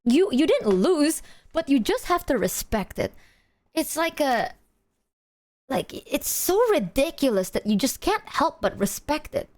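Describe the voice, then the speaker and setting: A woman live streamer talking to her chat in a slightly raised, bright register. She tells stories in an animated way, with plenty of swearing along the way. The tone stays loose and conversational. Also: high voice, unhurried. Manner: animated storytelling, heavy swearing. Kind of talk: casual chat to a stream audience.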